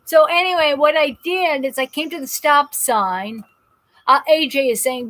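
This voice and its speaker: A talkative woman hosts a live show, reading viewer comments aloud and wandering through her stories. Her voice sits a little high, and she often restarts her sentences. She is speaking through pain. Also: unhurried, no echo, rough recording. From New Jersey. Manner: rambling and animated, with frequent restarts. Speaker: host of a live call-in show.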